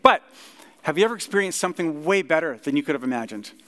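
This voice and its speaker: Male pastor chatting through a sermon at a church potluck service, kinda high voice, loose and friendly pace. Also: fast. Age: 30s or older. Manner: relaxed, chatty, many fillers. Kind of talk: casual conversational sermon.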